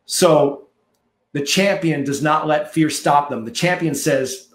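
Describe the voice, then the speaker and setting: A man's voice: on the high side, normal speed, reverberant. A man coaching listeners in a punchy, preachy motivational monologue, repeating phrases for emphasis. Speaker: marketing coach.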